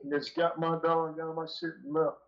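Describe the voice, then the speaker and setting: A man calls into a show and tells a long, rambling, profane story with an aggrieved edge. His voice sits a little high for a man. The call audio is dull and lo-fi. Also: flat delivery, fairly quick. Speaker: call-in guest. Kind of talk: casual storytelling. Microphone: phone call.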